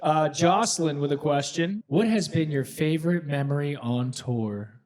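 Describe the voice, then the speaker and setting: A man in his thirties co-hosting a live podcast on stage before an arena crowd, relaxed and teasing, with casual slang. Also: on the high side, normal speed. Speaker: podcast co-host. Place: large arena, live audience.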